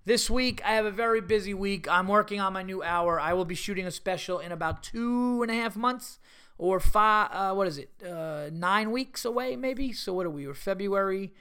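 A man hosting his own podcast, telling profane, animated stories with laughs in a casual, unscripted way. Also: high-pitched, moderate pace, smooth. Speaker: podcast host and stand-up comedian. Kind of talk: casual solo podcast storytelling.

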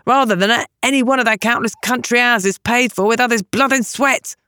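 A woman voicing a gruff, sardonic young man who grumbles bluntly and uses rough slang. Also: a little high, brisk, pushed and bright, dry recording, clean studio sound, voice pushed up. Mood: grumbling.

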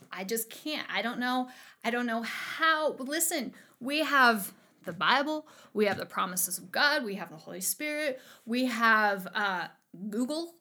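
A woman's voice: fairly high pitch, sharp tone. A woman in her thirties giving a casual livestream Bible teaching, chatty and bubbly, drifting into tangents and laughing at herself.

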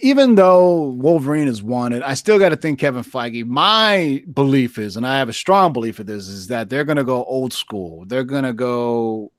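A man's voice: medium pitch, lively intonation, normal speed, few pauses, no echo, studio quality. A man chatting casually on a podcast, rambling and swearing freely with lots of filler words. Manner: rambling and profane, lots of "you know" fillers. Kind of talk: casual chat.

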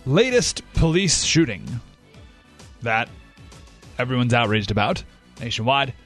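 A man hosting a talk radio show, speaking casually but emphatically. He slows right down to stress his points and breaks into animated outbursts. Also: mid-range voice, faint music behind. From San Diego area. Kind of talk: conversational talk radio monologue. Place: radio studio. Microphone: studio microphone.

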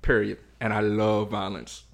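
A man's voice: fairly low pitch, level tone, measured pace, gravelly. A man hosting a casual podcast, talking in a laid-back, slangy and profane way as he lays out his points step by step. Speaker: podcast host.

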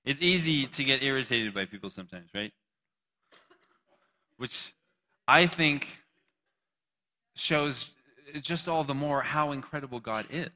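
A man's voice: mid-range voice, a little slow, long pauses, bright, forceful tone. A man preaching a casual, joking sermon to a live group, asking questions and talking back with listeners. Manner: casual, joking, talks to the audience.

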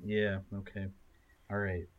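A man's voice: fairly low pitch, flat delivery, takes it slowly, lo-fi sound. A man co-hosting a casual podcast chat, answering with laid-back remarks and dry teasing. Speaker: podcast co-host.

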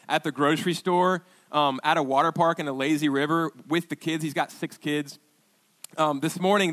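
A man preaching a sermon as pastor, telling stories in a chatty, halting way with restarts and quoted dialogue. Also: a little high, a bit bright. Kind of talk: conversational sermon storytelling.

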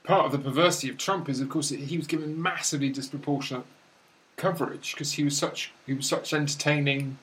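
A man interviewing a guest in a measured, thoughtful way, with some hesitations. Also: fairly high pitch, fairly even intonation, fairly bright tone. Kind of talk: conversational interview.

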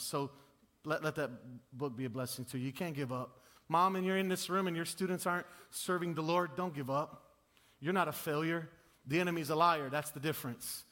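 A male pastor delivers a fervent sermon with a slightly high, bright voice. He swings from loud exhortation to quiet, intimate appeals, stumbling over repeated words as he presses his point. His voice rings out with a long reverb in a large sanctuary. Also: a little fast. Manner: impassioned, swings between booming and hushed, repeats words. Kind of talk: sermon with altar call. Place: church sanctuary.

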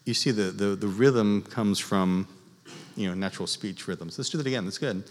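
A man teaching church music to a class, explaining in an unhurried, halting way with many fillers. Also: fairly low pitch. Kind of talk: class lecture leading group chant. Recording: long reverb in a large hall.

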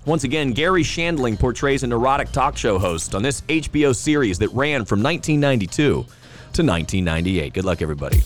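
A man's voice: mid-range voice, expressive, fast, soft background music. A man hosting a pub trivia podcast who announces each question, repeats it and jokes between rounds. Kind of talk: casual podcast quiz announcing.

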